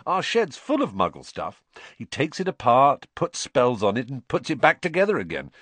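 Guy doing a sly teen wizard boy, lively up and down voice, dry. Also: mid-range voice, normal speed, no room sound, pitched above the performer's own voice. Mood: amused. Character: mischievous teenage boy wizard, scheming twin.

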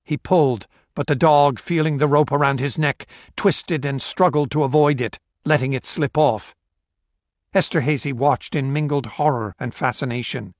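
A man narrates a novel for an audiobook, following a script in a steady, measured storytelling voice. His voice sits in the mid-range, and the studio sound is clean with no echo.

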